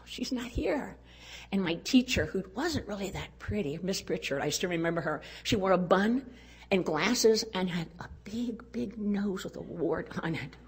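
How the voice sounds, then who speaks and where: Older lady with a husky, low-ish voice telling a heartfelt story to a room, goes quiet at the tender bits. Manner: earnest, personal, drops to a hush at tender moments. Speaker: speaker at a women's conference. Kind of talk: storytelling talk.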